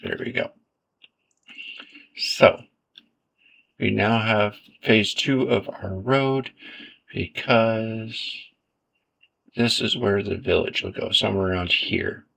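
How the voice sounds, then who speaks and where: Slow gravelly man narrating gameplay. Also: on the low side. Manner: relaxed, self-deprecating, thinks aloud. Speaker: gaming video creator. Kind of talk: casual gameplay commentary.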